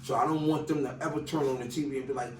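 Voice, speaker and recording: A man's voice: mid-range voice, steady tone, racing, roomy sound, recorded from a distance, a little hiss or hum, rough recording. A man from Staten Island with a New York accent, telling loose, slangy stories as a rapper guest in an interview and acting out the dialogue. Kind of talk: casual interview storytelling.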